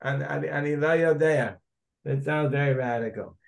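Gravelly-voiced guy rabbi, talking a text out loud, wandering off on side points. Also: fairly high pitch, moderate pace. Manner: searching, questioning, digressive. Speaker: rabbi teaching a Talmud class. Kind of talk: thinking-aloud text study lecture.

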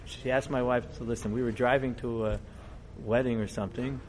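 Conversational middle-aged rabbi telling stories. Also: male voice, medium pitch, a little fast, a little hiss or hum. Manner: conversational, digressive, animated when telling the story. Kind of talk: storytelling sermon.

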